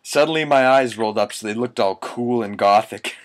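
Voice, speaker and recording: A man's voice: mid-range voice, moderate pace, noisy background. A man giving a comedic reading of a bad story, incredulous and swearing, often cracking up. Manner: incredulous, swearing, breaks into laughter. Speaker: reader.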